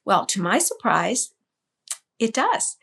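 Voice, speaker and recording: A woman's voice: medium pitch, very animated, takes it slowly, gravelly, a bit bright. An older woman, a guest on an interview, telling a personal story earnestly in a flowing way, often repeating and restarting her words.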